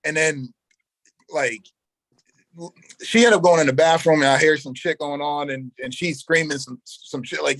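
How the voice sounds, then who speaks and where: Animated young man telling a wild story. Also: a little high, moderate pace, pauses often, no echo, low-quality recording. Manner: animated, profane street slang, acts out quoted dialogue. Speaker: interview guest. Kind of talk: casual storytelling.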